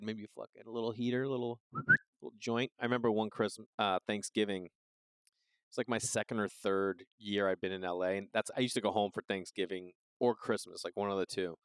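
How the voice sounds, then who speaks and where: Profane comedian riffing, smooth voice. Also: male voice, fairly low pitch, no echo, clean studio sound. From Massachusetts. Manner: loose, profane, riffing with asides. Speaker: podcast host. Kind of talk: casual comedic monologue.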